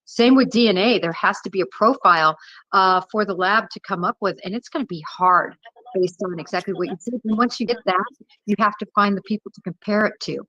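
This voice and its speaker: A woman's voice: medium pitch, bright, forceful tone, no echo. Hesitant woman explaining evidence, muffled sound. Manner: measured, hesitant, lots of uh. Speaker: former police investigator as guest. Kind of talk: interview explanation.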